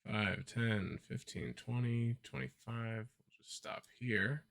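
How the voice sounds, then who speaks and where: A man's voice: mid-range voice, slow, vocal fry, fairly bright tone. A man playing a tabletop game who counts out his moves aloud and asks the game master how the rules work. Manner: thinking aloud, asks rule questions. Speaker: player. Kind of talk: casual tabletop play.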